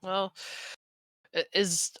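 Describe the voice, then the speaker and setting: A player in a tabletop role-playing game, talking casually and haltingly, often stammering and repeating words. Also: mid-range voice, little pitch movement, a bit bright, no echo.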